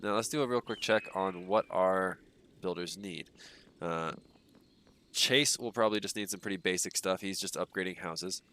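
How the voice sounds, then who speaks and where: Low-voiced and moderately paced, the young man rambles on during his game stream with a stuffy nose. He stays relaxed and casual, with frequent ums and uhs.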